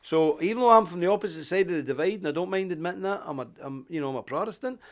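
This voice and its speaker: A middle-aged host from Northern Ireland, with the accent to match, runs a live online commentary with a high, rapid-fire voice. He rambles indignantly, reading from a paper and greeting viewers, and he's coughing.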